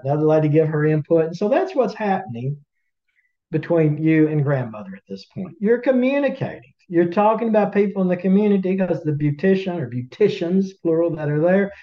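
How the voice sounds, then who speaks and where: A man from the Southern United States, with a Southern accent and a voice on the high side, sounds as if the highs are cut off. A podcast co-host, he tells listeners a folksy story in a drawling, chatty way, adding teasing asides.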